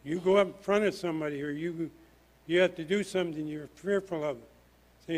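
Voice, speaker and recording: A man's voice: a little high, steady tone, a little fast. An older man preaching an earnest, emphatic sermon in a church, pounding the lectern as he makes his points.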